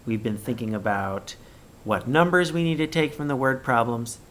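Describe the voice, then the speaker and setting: A man teaching young children in a recorded remote lesson, speaking slowly and deliberately and reading example sentences with exaggerated expression. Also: mid-range voice, animated, fairly bright tone.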